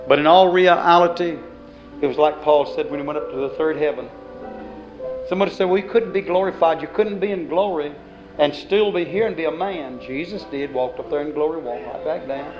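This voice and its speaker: A man preaching a fervent sermon that swings between hushed talk and shouted exclamations. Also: on the high side. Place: church hall. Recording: muffled echoey church recording with music.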